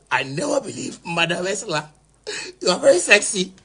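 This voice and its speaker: Husky Ghanaian Pidgin man, ranting loudly. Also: very high voice, very animated, a little fast. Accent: Ghanaian Pidgin English. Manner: shouting, swings between mock outrage and teasing. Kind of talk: excited ranting monologue.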